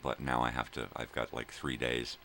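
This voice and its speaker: Older male vlog host, very low gravelly voice, rambling and profane, faint room hiss. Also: level tone, normal speed, bright, forceful tone. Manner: rambling, profane, drifting between thoughts with fillers. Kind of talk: casual morning monologue to viewers. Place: at home in the early morning.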